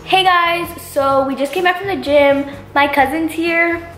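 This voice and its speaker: Young woman vlogging at home, high voice, super chatty, lots of "like", echoey room. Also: unhurried, a bit bright. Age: young adult. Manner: chatty, filler-heavy, says "like" and "literally" often. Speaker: college vlogger. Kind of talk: casual vlog talk to camera. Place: indoors at home. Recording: roomy, echoey room with music behind.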